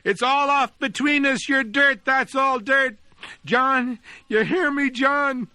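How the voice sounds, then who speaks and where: A man voicing a young boy who is furious and frightened, shouting in a high, strained voice. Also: takes it slowly, clean tone, no room sound, exaggerated voice.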